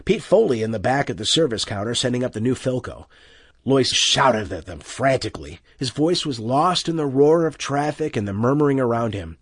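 A man narrates an audiobook with tense, expressive storytelling. His husky voice moves across a wide pitch range, and the dry, close sound leaves no room echo. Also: moderate pace.

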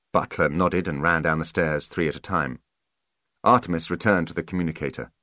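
A man narrating an audiobook in a measured, expressive storytelling manner. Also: deep voice, dry recording, clean studio sound. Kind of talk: scripted narration.

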